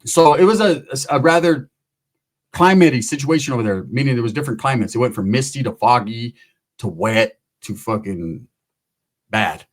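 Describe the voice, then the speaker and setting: A man's voice: mid-range voice, animated, normal speed. A man telling a long, profane, rambling story in casual talk, acting out the other people in it.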